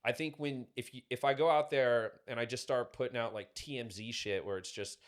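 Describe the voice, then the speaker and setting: A man's voice: medium pitch, fairly even intonation, a little fast. A man talking casually on a podcast, rambling through stories with lots of fillers. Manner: rambling, filler-heavy storytelling. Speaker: podcast guest.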